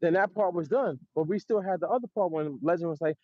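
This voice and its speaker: A man, a music producer, telling studio stories in a loose, animated way, acting out voices with laughs. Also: sits high, quick pace, no room sound. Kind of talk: casual storytelling. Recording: dull dry sound.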